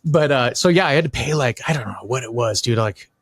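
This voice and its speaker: A man's voice: mid-range voice, expressive, a little fast, no room sound, clean studio sound. A man hosting a podcast, telling a story in casual chat, rambling with many restarts and quoted voices. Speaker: podcast host.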